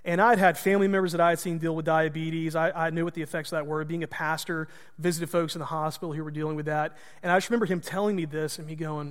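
A man's voice: a little high, flat delivery, quick pace, few pauses, big-room sound. A man preaching as a pastor, telling a personal story in a conversational, self-deprecating way. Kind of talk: storytelling sermon.

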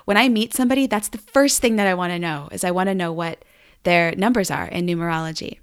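A woman hosting a podcast, telling a family story with animated enthusiasm. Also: lowish voice, quick pace, clean tone. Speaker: podcast host.

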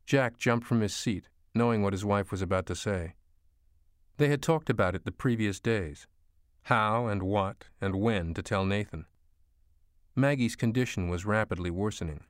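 A man reading an audiobook as narrator, slow and hushed storytelling. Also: fairly low pitch, smooth, dry recording, studio quality. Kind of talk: scripted narration.

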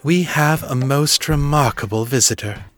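A man's voice: mid-range voice, normal speed, a bit bright, soft background music, pitched above the performer's own voice, natural voice. A man voicing a grinning, theatrical female vampire.

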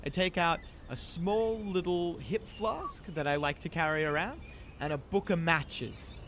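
A man playing a tabletop horror game, describing his character's actions in an animated, rambling way. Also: on the high side, a little slow, background noise. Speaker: player.

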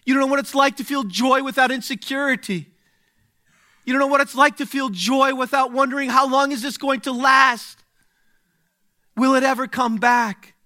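A man preaching a sermon, speaking slowly and deliberately, dropping to a hush and then rising to exclaim. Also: extremely high pitch, steady tone. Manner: slow, deliberate, swings from hushed to exclaiming.

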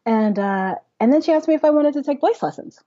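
Laughing woman telling a lively story. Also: high-pitched, brisk, no room sound, muffled recording. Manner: animated storyteller, laughs often, acts out quotes. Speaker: interview guest. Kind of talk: casual storytelling interview.

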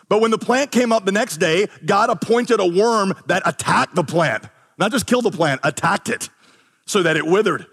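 Animated high-voiced man preaching. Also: in a large hall. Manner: animated preaching, acting out quoted voices with big pitch swings. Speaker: pastor. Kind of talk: sermon.

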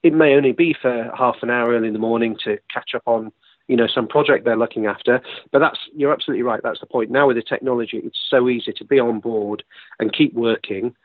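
A man's voice: mid-range voice, quick pace, no room sound. A British man being interviewed as a guest, talking easily in long explanatory runs over a remote line. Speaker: yacht charter guest. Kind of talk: casual interview chat. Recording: tinny dry phone line.

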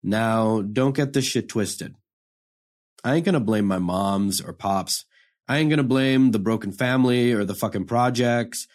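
With a fairly low pitch and a darkish tone, a man delivers an unhurried, lightly acted monologue in the role of a hardened young prisoner. The talk is profane, confrontational street speech, and the mood is bitter.

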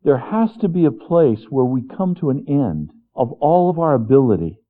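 A man preaching a sermon, slow and storytelling, dropping his voice soft when he voices God's words. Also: medium pitch, sing-song. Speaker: pastor. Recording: tinny phone-like lo-fi recording.

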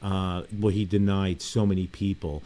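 Emphatic New talk radio host. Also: male voice, low-pitched, level tone, moderate pace, mellow. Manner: emphatic, repeats pleas, reads emails aloud.

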